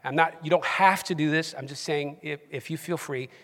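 A man preaching a sermon to his church congregation with animated emphasis. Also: on the high side, fairly quick, big-room sound. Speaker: pastor. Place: church sanctuary.

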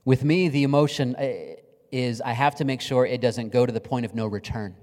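A man's voice: medium pitch, brisk, darkish tone. A middle-aged man preaching a sermon as a pastor, telling stories in a conversational, emotional and humorous way on a stage mic in a church sanctuary. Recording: long reverb of a large hall.

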